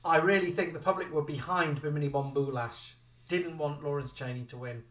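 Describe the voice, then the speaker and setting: A man co-hosting a live chat show, reading out viewer comments in an animated way. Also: fairly high pitch, a little fast, distant mic. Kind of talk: casual live-stream chat. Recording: echoey room, away from the mic.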